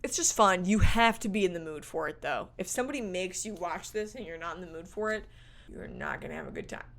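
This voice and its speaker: This is a young woman reviewing a movie in a casual vlog, her voice sitting a little low. She riffs with a playful, sarcastic edge and swears offhandedly. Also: expressive, quick pace, creaky, fairly bright tone.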